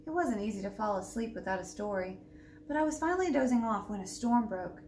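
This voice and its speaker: A woman librarian reading a picture book aloud for a children's storytime, with lively, expressive narration. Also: medium pitch, fairly quick. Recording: roomy echo, distant mic, faint background hum.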